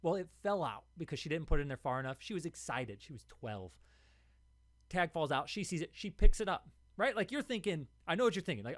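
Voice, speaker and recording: A man's voice: a little high, big pitch swings, fast talker, no echo. A young man hosting a podcast, telling a story in a casual monologue, getting heated and restarting his words as he goes. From Ohio. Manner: heated, repetitive, restarts words when worked up. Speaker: podcast host.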